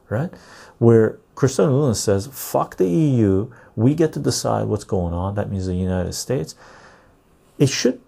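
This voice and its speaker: A man's voice: fairly low pitch, creaky, mellow, husky. A man hosting a podcast, delivering a casual, sarcastic political rant with mocking imitations of other people. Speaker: podcast host.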